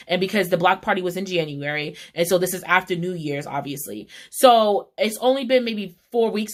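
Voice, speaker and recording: A woman giving a casual, opinionated TV episode recap in heated, slangy talk. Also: medium pitch. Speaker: TV recap vlogger.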